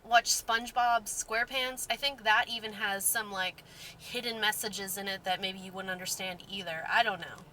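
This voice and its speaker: Annoyed woman ranting in a bright voice. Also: medium pitch, steady tone, normal speed, a little hiss or hum, low-quality recording. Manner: annoyed, exasperated, sarcastic asides. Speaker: vlogger. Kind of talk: casual vlog rant.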